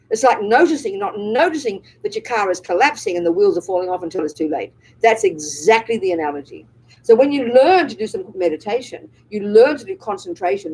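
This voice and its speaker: A Buddhist nun speaks to a live audience in a slightly high, breathy-husky voice. She drives each point home with emphasis and keeps pulling listeners in with tag questions. Her delivery is direct and practical, the way a teacher talks in a hall. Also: a little mellow. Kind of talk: live dharma talk with audience Q&A.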